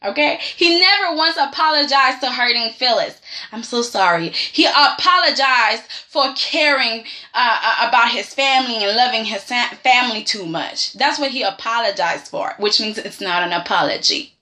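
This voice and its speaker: A woman hosting a casual soap-opera review vlog, animated and sassy, repeatedly pressing her point with "okay?". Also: on the high side, normal speed, few pauses. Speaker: host.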